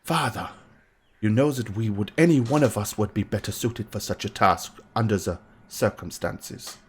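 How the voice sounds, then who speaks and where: A man's voice: fairly low pitch, expressive, normal speed, breathy edge. A man voicing a timid young girl, the youngest daughter, in a pleading manner.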